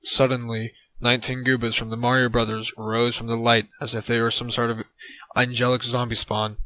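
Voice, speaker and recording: Deadpan man narrating a silly story. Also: mid-range voice, brisk, low-quality recording. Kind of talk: absurd comedic story narration.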